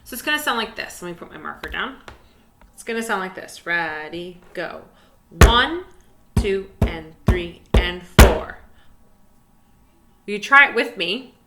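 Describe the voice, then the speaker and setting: A woman's voice: on the low side, lively intonation, fairly quick. A young woman teaching an online music lesson to children, chatty and encouraging, with lots of fillers, at her desk. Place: indoors at a desk.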